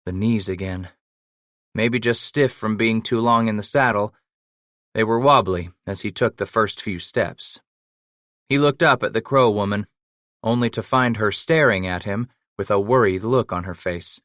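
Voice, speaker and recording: A male audiobook narrator with a low voice reads scripted narration in a steady, measured storytelling manner. The recording is dry and sounds like a clean studio.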